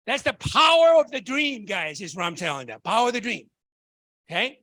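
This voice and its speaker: Middle-aged man from Tonga pitching to an audience; gravelly, excitable, keeps asking if they understand. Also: a little fast. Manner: excitable, bursts into shouting, repetitive rhetorical questions. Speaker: business opportunity presenter. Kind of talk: motivational sales talk.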